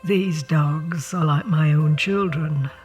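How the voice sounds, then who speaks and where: Creepy trembly old lady done by a guy in an audio drama, high airy voice, slow and sad, soft music underneath. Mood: sorrowful. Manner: slow, sorrowful, quietly accusing. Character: creepy old woman running a pet orphanage.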